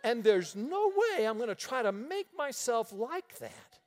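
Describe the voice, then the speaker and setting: A middle-aged man preaching, telling lively stories and laughing his way through them. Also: very high-pitched, a little slow. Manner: animated storyteller, laughing through his anecdotes. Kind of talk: storytelling sermon.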